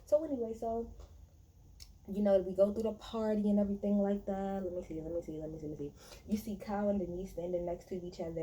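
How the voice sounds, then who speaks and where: A woman's voice: medium pitch, dark tone, slight background noise, rough recording. A woman giving a casual, blunt and profane recap of a reality TV episode, talking in a chatty way with many fillers and restarts. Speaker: reality TV reviewer.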